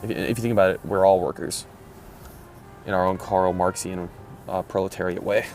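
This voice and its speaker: A man's voice: low voice, steady tone, normal speed, darkish tone, faint music behind. A man hosting a casual solo podcast from his car, rambling and mumbling, with frequent swearing. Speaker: podcast host. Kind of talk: casual solo chat while driving.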